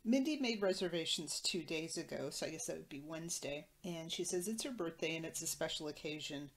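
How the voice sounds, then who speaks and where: Woman host, lowish voice, dry matter-of-fact recap with wry asides. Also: lively intonation, a little fast, a crowd in the background. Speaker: podcast host. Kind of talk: episode recap commentary.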